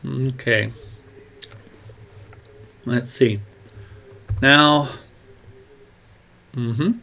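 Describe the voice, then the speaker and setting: A man's voice: mid-range voice, fairly even intonation, very slow, vocal fry, sharp tone. A man thinking aloud as he writes, meandering and trailing off, talking into a glove-covered mic with keyboard typing behind. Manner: meandering, muttering to himself, trailing off. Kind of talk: rambling think-aloud monologue.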